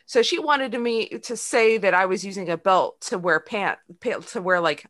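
Woman co-host, bright voice, lively anecdotal chat. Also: medium pitch, moderate pace. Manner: laughs often, animated storytelling. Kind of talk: casual chat.

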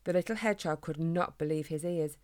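A woman reading a children's storybook in a gentle, expressive way. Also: low-pitched, brisk.

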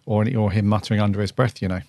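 Low gravelly man chatting. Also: fairly even intonation, rapid-fire, darkish tone, no room sound. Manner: chatty, opinionated, lots of "you know". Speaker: podcast co-host. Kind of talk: casual chat.

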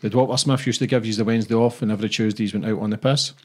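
Fast-talking male podcast host. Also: lowish voice, steady tone, darkish tone, husky. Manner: direct, brief questions. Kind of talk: interview questions.

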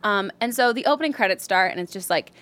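A young woman, a podcast guest, chatting casually and telling animated stories, often slipping into silly put-on voices. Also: medium pitch, fast. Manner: animated storyteller, puts on silly voices and accents. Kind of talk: casual chat.

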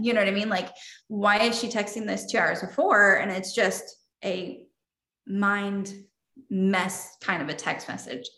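A woman's voice: mid-range voice, fairly even intonation, unhurried, pushed and bright. A woman telling a personal story in an interview, earnest and openly emotional. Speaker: interview guest. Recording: roomy echo.

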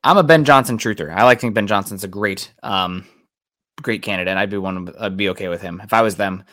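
A man co-hosting a casual sports talk show, chatting briskly and reading out listener comments. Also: lowish voice, a bit bright, dry recording, clean studio sound. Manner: brisk, reads out chat messages.

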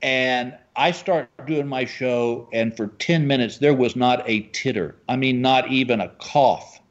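A man from Texas, a stand-up comedian telling animated stories about his gigs in a casual chat. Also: medium pitch, unhurried, dull audio. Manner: animated storyteller, acts out quoted voices.

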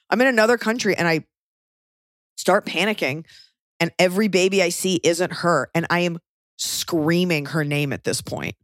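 A woman's voice: low voice, no room sound, studio quality. A woman in her thirties hosting a podcast, telling a story casually with lots of fillers and swearing. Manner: rambling, filler-heavy, sweary. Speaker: podcast host.

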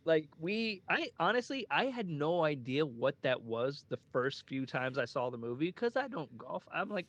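A man co-hosting a casual movie podcast, animated and laughing as he quotes lines. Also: on the high side, unhurried, dull audio. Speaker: podcast co-host.

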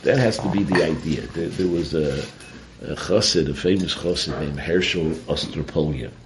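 Low-voiced man giving a lively Torah talk. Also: moderate pace, noisy background. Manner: animated, mixes Yiddish and Hebrew terms. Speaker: Torah teacher.

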